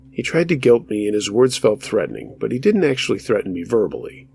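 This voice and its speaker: A male host reading true scary stories aloud in scripted narration, steady and measured. His low voice has a gravelly, husky texture that gives each line a rough grain. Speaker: horror story narrator.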